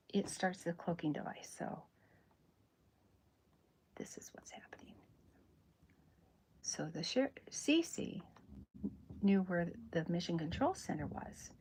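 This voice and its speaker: A woman talks in a hushed, half-whispered ASMR manner, low in pitch with a gravelly edge. Her tone is dark and mellow. She rambles gently and often corrects herself mid-sentence. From American South. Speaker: cartoonist streaming live. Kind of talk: soft-spoken ASMR livestream.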